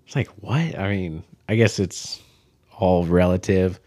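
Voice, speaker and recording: A man's voice: low voice, steady tone, unhurried, dark tone, no echo. A man from Kansas with a slight Kansas accent, a guest brewer chatting loosely on a podcast and swearing freely. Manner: loose, swears freely, jumps between thoughts. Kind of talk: casual podcast chat.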